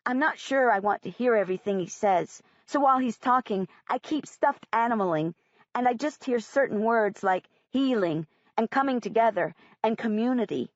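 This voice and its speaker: A woman tells a first-person audiobook story in a plain, earnest voice, with lively intonation at a moderate pace. The recording is close and dry with no room sound, and its highs are slightly dull.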